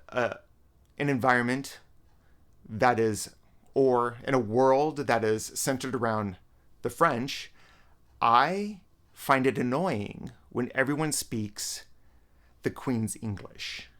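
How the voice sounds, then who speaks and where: A man's voice: medium pitch, expressive, slow, pauses often, fairly bright tone. A man in casual, rambling talk about the games he is playing, often restarting his sentences. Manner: rambling, self-correcting, frequent restarts. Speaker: gaming vlogger. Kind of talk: casual gaming commentary.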